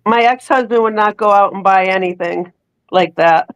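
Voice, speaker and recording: A woman's voice: mid-range voice, normal speed, clear, resonant tone, no room sound, low-quality recording. A woman guest on a panel who speaks plainly in short, firm answers. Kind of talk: casual panel chat.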